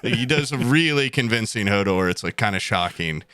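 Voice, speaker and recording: A man's voice: lowish voice, expressive, normal speed, pushed and bright, smooth, dry recording. A man co-hosting a podcast in laid-back casual chat, joking and mimicking people he quotes. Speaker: podcast co-host.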